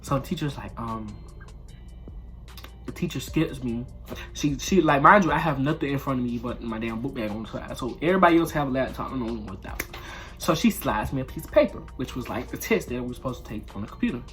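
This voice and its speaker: A man's voice: mid-range voice, fast. Male storytime vlogger, casual slangy delivery, swears freely, faint music bed. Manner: animated, swears freely, acts out quotes.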